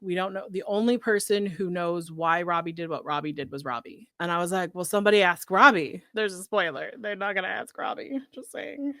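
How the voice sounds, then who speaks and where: A woman co-hosting a podcast, recapping a show in casual chat, full of "like" and quick laughs. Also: on the low side, lively intonation, a bit bright, no echo, studio quality. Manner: chatty, heavy use of "like", laughs often.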